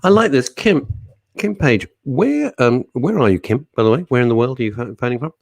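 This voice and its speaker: Man, radio talk host, lively swooping pitch, dry close sound. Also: fairly quick, vocal fry, no room sound. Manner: chatty, animated, jokey, talks to listeners by name. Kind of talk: casual chat reading listener comments.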